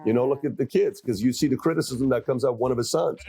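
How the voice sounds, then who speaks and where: A man interviewing a guest, asking thoughtful, measured questions. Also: mid-range voice, dark tone.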